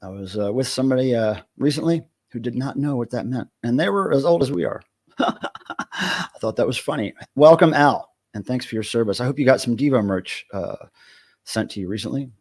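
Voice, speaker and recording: A man's voice: medium pitch, moderate pace, a little mellow, slightly rough. A middle-aged man hosting a casual livestream, joking around and greeting chat viewers by name. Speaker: livestream host.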